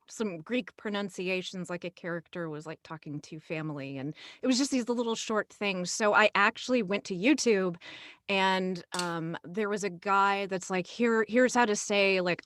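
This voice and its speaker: A woman's voice: medium pitch, a bit bright, dry recording, clean studio sound. A woman voice actor in a casual panel chat over a video call, rambling and self-deprecating, with lots of fillers.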